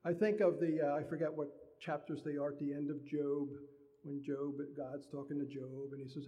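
A man's voice: a little high, level tone, brisk, dark tone. A man preaching a sermon in a conversational way, acting out everyday dialogue. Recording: long hall reverb.

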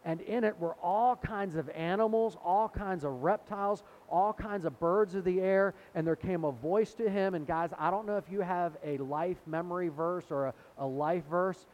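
A man's voice: high voice, moderate pace, hardly any pauses, lo-fi sound. A middle-aged man preaching a sermon in a conversational way, retelling scripture and acting out the quotes. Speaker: pastor.

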